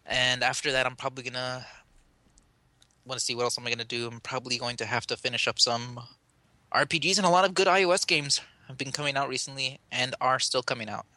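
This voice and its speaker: A man's voice: medium pitch, fast, pushed and bright, no echo. A man co-hosting a podcast, chatting casually about games in a rambling, enthusiastic way and often correcting himself. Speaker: podcast co-host.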